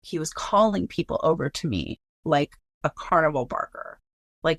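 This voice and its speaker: A woman's voice: low-pitched, normal speed, no room sound, studio quality. A woman recounting a personal story in casual, blunt speech, swearing freely and filling with "like".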